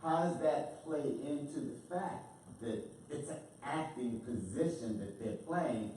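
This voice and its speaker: Man asking from the audience, mellow voice, stumbles over repeats; far off in a very echoey room with faint noise. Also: a little high. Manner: halting, stutters over repeated words. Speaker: audience member asking a question. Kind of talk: question from the floor.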